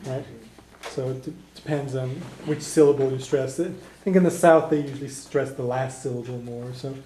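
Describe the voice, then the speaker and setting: A man teaching a beginner language class, relaxed and chuckling, with plenty of fillers. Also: mid-range voice, moderate pace. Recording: echoey classroom.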